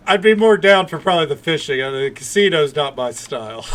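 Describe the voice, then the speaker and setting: A man's voice: on the high side, fairly bright tone. Ranting, foul-mouthed male streamer. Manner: ranting, blunt, swears often. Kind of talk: casual gameplay stream chat.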